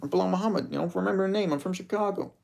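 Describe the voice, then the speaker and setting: A man's voice: sits high, rapid-fire, gravelly, darkish tone, pitched above the performer's own voice. A man doing a boastful, insistent fighter. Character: boastful male fighter insisting on his hometown.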